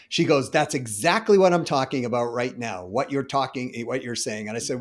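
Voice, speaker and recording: A man's voice: mid-range voice, fairly quick, hardly any pauses. A man hosting a sales conversation, telling a story with quoted dialogue and drawing a lesson from it. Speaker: sales podcast host. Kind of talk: conversational interview.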